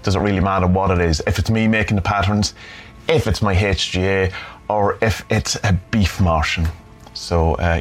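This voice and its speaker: A man's voice: sits low, fairly even intonation, moderate pace, soft background music. A man hosting a podcast, talking in a rambling, thoughtful way and often searching for his words. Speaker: podcast host. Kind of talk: reflective spoken vlog.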